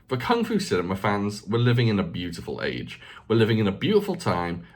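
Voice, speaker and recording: A man in his forties talks straight to camera in a casual vlog, his husky voice swinging widely up and down as he rants. He mocks himself, swears freely and repeats phrases for emphasis. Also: fairly low pitch. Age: 40s. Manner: self-mocking, ranting, swears freely. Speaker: channel host. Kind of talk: casual unscripted vlog talk.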